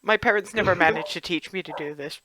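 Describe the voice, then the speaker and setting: A woman's voice: fairly low pitch, crowd noise. A woman narrating a tabletop game as game master, amused and often restarting her sentences. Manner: amused, halting, with frequent restarts.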